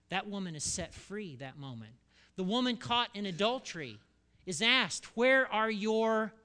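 A middle-aged man preaching a sermon as pastor, telling a story with sudden loud bursts and quiet asides. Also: high voice.

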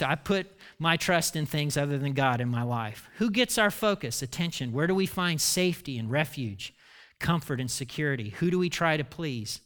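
Brief: pastor in mid-sermon, higher-pitched man, lively storyteller who pokes fun at himself. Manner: animated, self-deprecating storytelling.

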